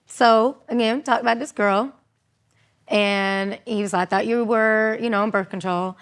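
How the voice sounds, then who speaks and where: A woman in her thirties telling her own story as an interview guest, animated, acting out quotes in raised voices. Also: a little high, unhurried, clear, resonant tone.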